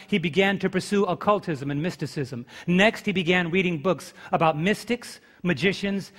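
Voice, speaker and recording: A man's voice: high voice, a bit bright, in a large hall. A man pastor preaching a sermon with emphatic delivery and rhetorical questions to his congregation. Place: church sanctuary.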